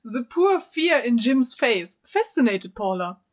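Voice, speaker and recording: A woman's voice: on the high side, big pitch swings, measured pace. A woman reading a story aloud with friends as narrator, chatty and giggly, stopping for jokes. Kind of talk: casual read-aloud with friends.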